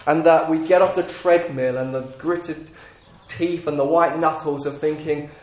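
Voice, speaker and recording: A man's voice: a little high, steady tone, moderate pace, hardly any pauses, a little mellow, roomy sound. A man giving an earnest sermon, acting out prayers and God's replies as he teaches. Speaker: preacher.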